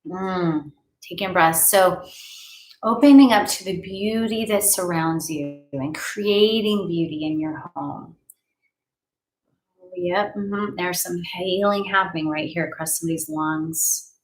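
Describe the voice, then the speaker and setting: A woman's voice: lowish voice, takes it slowly, poor audio. A woman healer and life coach leading a live healing session from her home, guiding breaths, sighs and affirmations in a soothing way.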